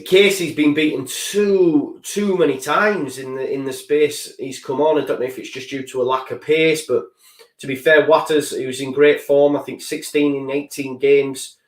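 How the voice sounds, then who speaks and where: Reacting to the game and reading out his viewers' messages, this young fan channel host curses with frustration through a live football watchalong. His voice sits in the mid range, and the recording sounds roomy.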